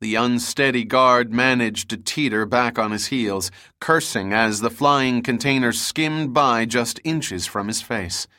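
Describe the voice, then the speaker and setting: A man reading an action novel aloud as an audiobook narrator, with steady dramatic storytelling. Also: mid-range voice, a little slow, hardly any pauses, dry recording, studio quality.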